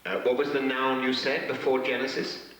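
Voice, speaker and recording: A man, a guest actor at a fan convention, telling rambling, self-mocking anecdotes with many pauses and restarts. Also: medium pitch, completely flat delivery, a bit bright, slight background noise. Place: large convention hall with an audience. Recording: echoey hall from far off.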